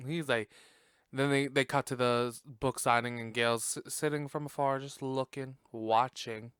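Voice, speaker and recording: A man hosts a casual podcast, reacting to a movie in a sassy, profane way and laughing often. His voice is smooth and resonant, recorded dry and close with no room sound. His pitch sits in the middle for a man. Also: steady tone, a little slow, fairly bright tone, no echo. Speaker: podcast host.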